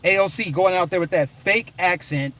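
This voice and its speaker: A man from the United States rants on a political vlog, hammering points in punchy, repeated bursts. His voice sits high for a man. The delivery stays combative and emphatic throughout. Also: moderate pace, fairly bright tone. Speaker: political commentary vlogger. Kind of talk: fired-up ranting commentary.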